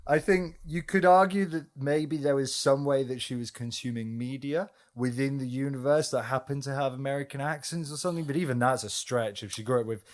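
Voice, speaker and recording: A man co-hosting a casual film review podcast, thinking aloud in a relaxed way and teasing in banter. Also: mid-range voice, a little fast, hardly any pauses. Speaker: podcast co-host.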